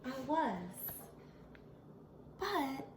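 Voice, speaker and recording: A woman telling a children's story in an animated way, speaking as the character in the first person. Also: high voice, very slow, a little hiss or hum. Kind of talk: expressive read-aloud storytelling. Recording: echoey room.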